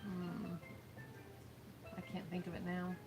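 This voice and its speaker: A woman's voice: lowish voice, completely flat delivery, slow pace, over music, poor audio. A woman co-hosting a live stream, chatting casually while gaming and reading chat aloud, laughing often. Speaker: streamer co-host.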